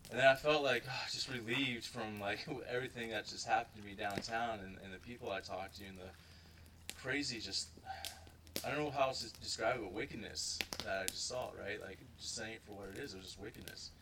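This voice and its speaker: Young man from Ohio, lowish bright voice, rambling church testimony, recorded from a distance. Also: background noise. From Ohio, USA. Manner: rambling, many fillers and "like". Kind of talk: casual spoken testimony to a group.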